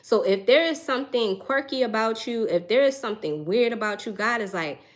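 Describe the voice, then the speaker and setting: A woman's voice: a little high, expressive, a little fast. A young woman giving an intuitive tarot reading, musing and searching for words with frequent sighs, earnest and emotional. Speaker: tarot reader.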